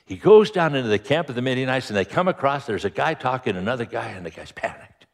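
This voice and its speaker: A man's voice: medium pitch, animated, quick pace, gravelly. Man preaching, playful storyteller, voice swings up and down a lot. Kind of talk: sermon retelling a Bible story.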